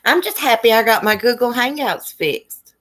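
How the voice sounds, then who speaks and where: Her voice is a little high and expressive, moving at a moderate pace, with a strong Appalachian country accent from Southwest Virginia. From her home in a small mountain town, she hosts a casual YouTube livestream, reading comments, chatting folksily, and laughing often.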